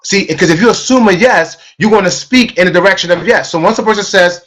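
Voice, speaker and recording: A man's voice: high voice, fast talker, few pauses, a bit bright. A man teaching a live online sales webinar as a trainer, talking emphatically and repeating key phrases for stress.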